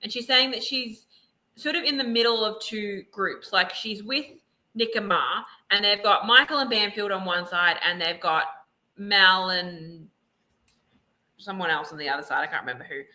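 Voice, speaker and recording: Bright-voiced woman, chatty. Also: medium pitch. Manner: chatty, quick asides, retells scenes. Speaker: podcast co-host. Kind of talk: casual chat recapping a reality show.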